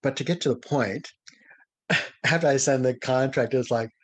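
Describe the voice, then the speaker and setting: A man's voice: mid-range voice, normal speed, breathy edge, no room sound. Older man, from St. Louis, anecdotal storytelling, acted-out quotes, dry recording. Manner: lively, acts out quoted voices, chuckles. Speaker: interview guest, dancer.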